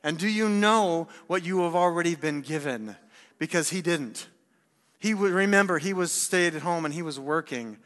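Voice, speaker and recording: A young man giving an energetic sermon, firing rhetorical questions and repeating words as he presses a point. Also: on the high side, normal speed. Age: young adult. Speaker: speaker at young adults service. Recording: long hall reverb.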